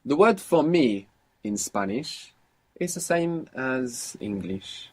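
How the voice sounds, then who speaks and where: A man leads a language lesson with patient, explanatory prompting. His voice has a husky, breathy edge. His pitch sits in a typical middle range for a man. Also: expressive, slow, darkish tone. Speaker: language teacher.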